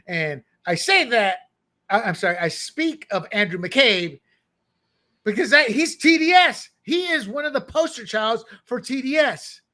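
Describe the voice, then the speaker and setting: A man co-hosting a political talk show, animated and joking, often restarting his words. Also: high voice. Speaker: podcast co-host. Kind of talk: political commentary chat.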